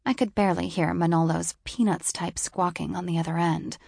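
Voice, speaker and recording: A woman's voice: fairly low pitch, fairly even intonation, brisk, vocal fry, darkish tone, dry recording, studio quality. A woman narrating a first-person novel in a wry, sardonic storytelling manner. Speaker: audiobook narrator.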